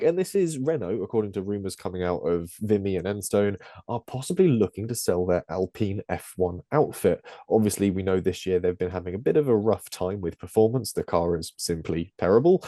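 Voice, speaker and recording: A man's voice: on the low side, mellow, no room sound, clean studio sound. A man hosting a casual motorsport podcast, reading news items with jokey asides. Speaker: podcast host.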